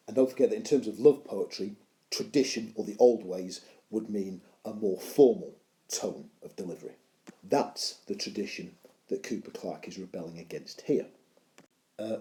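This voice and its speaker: A man's voice: fairly low pitch, expressive, moderate pace, dark tone, echoey room. A male teacher giving a video lesson on poetry analysis, explaining with playful, self-mocking humour.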